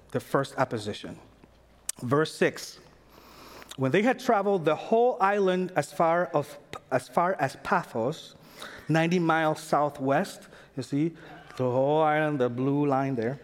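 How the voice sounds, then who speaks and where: A man preaching a sermon in a casual, animated way, acting out the voices of figures in the story. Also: a little high. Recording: long hall reverb.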